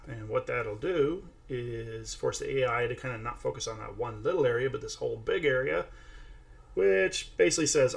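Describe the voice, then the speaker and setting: A man's voice: mid-range voice, animated, normal speed, vocal fry. A man hosting a casual screen-share tutorial, chatting his way through each step and talking to a toddler at his side. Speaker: AI art tutorial host.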